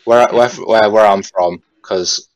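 Young Geordie man, podcast guest, very low voice, dry close mic, relaxed rambling chat. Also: slow pace, no room sound, poor audio. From North East England. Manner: laid-back, rambling with many fillers and some swearing. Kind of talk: casual chat.

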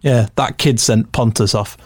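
A man co-hosting a casual football podcast, reading out stats and lists in a steady, measured way. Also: mid-range voice, dry recording, studio quality. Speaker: podcast co-host.

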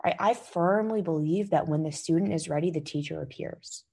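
Woman podcast host, husky lower voice, emphatic coaching monologue into a close mic, swears freely. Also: moderate pace, dark tone. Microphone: podcast microphone.

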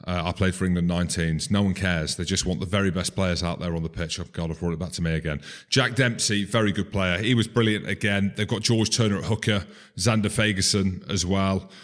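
A man's voice: sits low, fairly even intonation, a little fast, hardly any pauses. A man co-hosting a rugby podcast, chatty and self-mocking as he runs through players. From Scotland. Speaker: podcast co-host. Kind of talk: casual rugby chat.

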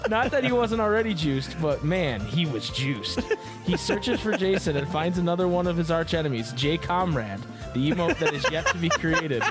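Lively, jokey male podcast host. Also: a little high, moderate pace, hardly any pauses, over loud music. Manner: loose, swearing, jokey. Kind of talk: casual podcast banter.

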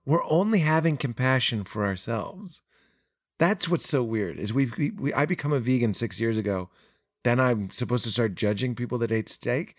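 A man's voice: medium pitch, lively intonation, moderate pace, dry recording, studio quality. A young adult man, a podcast guest, talking earnestly and animatedly in casual conversation, laughing often.

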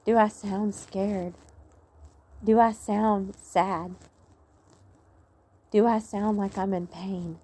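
A woman's voice: medium pitch, fairly even intonation, very slow, pauses often, mellow. A woman outdoors giving an earnest, rambling faith testimony. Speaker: vlogger sharing faith message. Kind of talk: heartfelt spoken testimony.

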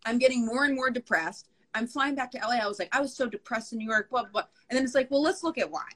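A woman's voice: a little high, quick pace, fairly bright tone, poor audio. A woman guest in a casual chat, talking in a chatty, self-mocking way.

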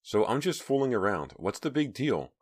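A man's voice: mid-range voice, very animated, moderate pace, breathy edge, voice pushed up. A man reading an audiobook, voicing a scornful teenage girl who talks sarcastically. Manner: sarcastic, scoffing.

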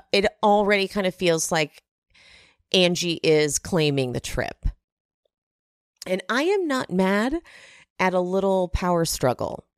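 Chatty woman recapping, slow delivery. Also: on the low side, dry recording, studio quality. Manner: chatty, animated asides with laughs. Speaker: recap podcast host. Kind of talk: casual reality TV recap.

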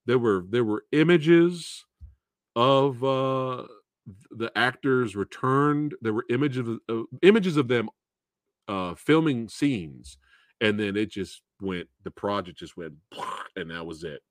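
A man rambles through a casual movie review, his pitch jumping all over the place as he repeats himself, swears freely and laughs along the way. The sound is dry and close, with no room around it. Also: takes it slowly, no room sound. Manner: animated, profane and repetitive, laughing often. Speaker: movie review show host.

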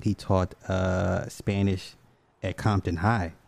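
A man in casual chat, relaxed and curious, laughing easily as he tells a story. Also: sits low, slow pace, gravelly, dry recording.

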